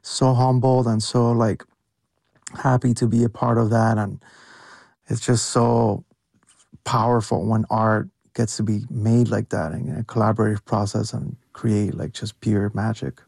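A man's voice: fairly low pitch, flat delivery, measured pace, creaky, darkish tone, no room sound. A young man producer calling in to a radio interview, earnest, with lots of "like" fillers. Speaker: guest producer. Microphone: phone call.

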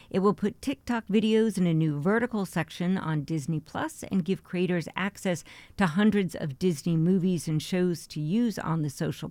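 A woman anchoring a local radio newscast from the studio, reading the news in a measured, even way. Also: fairly low pitch, no echo. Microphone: close studio mic.

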